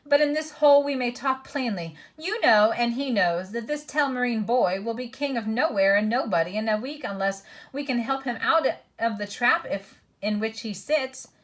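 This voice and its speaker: A woman's voice: a little high, expressive, moderate pace, hardly any pauses, fairly bright tone, voice pushed up. A woman voicing a surly, quarrelsome male dwarf who snarls and sneers. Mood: snarling.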